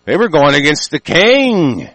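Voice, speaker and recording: A man's voice: a little high, very animated, unhurried, fairly bright tone, no room sound. A man ranting angrily about politics, swearing constantly and stumbling over his words when he reads aloud. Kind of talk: angry profane rant.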